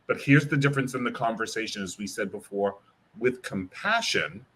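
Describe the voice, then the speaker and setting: Speaking at a moderate pace with a husky, lowish voice, this man is a hair care brand educator. He explains and demonstrates a product in an animated interview and acts out pieces of client dialogue.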